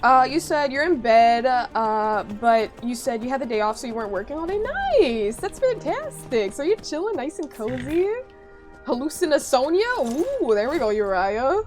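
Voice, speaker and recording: A woman's voice: a little high, lively intonation, moderate pace. Chatty woman streaming a game. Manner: chatty, reacts loudly, reads chat aloud. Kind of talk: casual live gameplay chat. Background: game music.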